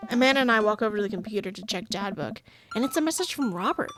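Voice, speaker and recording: A woman's voice: mid-range voice, animated, fast, over music. A woman playing a visual novel, narrating it aloud and breaking off for wry, laughing asides. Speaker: game streamer.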